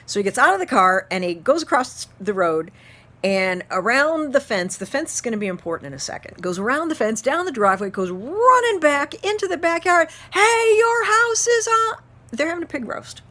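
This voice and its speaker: An instructor in her fifties, from Ohio, telling a class story with lots of laughter. Her voice is bright and clear, and her pitch swings widely. She tells the story with animated energy. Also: brisk. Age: 50s. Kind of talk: storytelling lecture.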